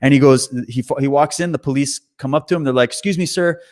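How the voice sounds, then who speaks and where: A man from Canada in casual conversation, telling an animated story and bluntly swearing as he goes. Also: mid-range voice, fast. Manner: animated storyteller, acts out quoted voices. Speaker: guest.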